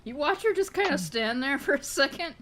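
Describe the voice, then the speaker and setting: A woman's voice: sits high, background noise. A woman playing a tabletop role-playing game, laughing often as she describes her character. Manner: laughs often, slow relaxed talk. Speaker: player.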